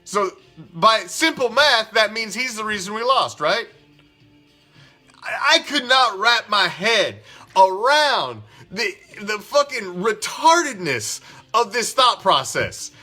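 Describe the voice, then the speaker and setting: A man's voice: sits high, sing-song, slow, sharp tone, faint music behind. A man hosting a fan show, ranting in a heated, profane, rambling way. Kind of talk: casual ranting commentary.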